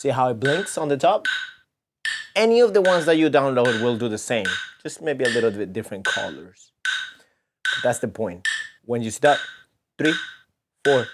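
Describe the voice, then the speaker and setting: A man's voice: mid-range voice, animated, normal speed, very noisy. A man teaching a music lesson to children, patiently explaining and counting beats aloud.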